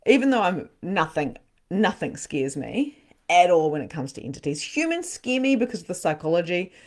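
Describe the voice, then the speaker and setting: A woman hosts a live spiritual session and talks through her own stories with the audience. Her pitch swoops widely and she throws in laughs and the odd curse word. In sadder stretches she drops to a quieter, subdued tone. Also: moderate pace. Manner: animated, laughs often, swears for emphasis, acts out scenes; turns quiet and subdued when speaking of loss. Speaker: spiritual coach hosting a live online session. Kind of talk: casual storytelling to a live audience.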